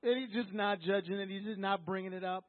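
Preacher, male, very high voice, emphatic and repetitive, tinny dry phone-like recording. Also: fairly even intonation, fast talker, no echo. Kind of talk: sermon.

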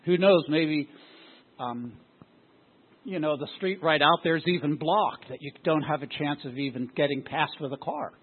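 A man's voice: a little high, moderate pace, husky. A man preaching a sermon as pastor, often throwing rhetorical questions at his congregation. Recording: tinny phone-like sound.

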